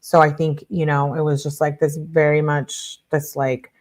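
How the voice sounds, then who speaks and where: A low-pitched woman reads out a couple's text messages line by line. She breaks in with blunt, judgmental comments and swears casually as she goes. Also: level tone, moderate pace. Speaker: true-crime commentator.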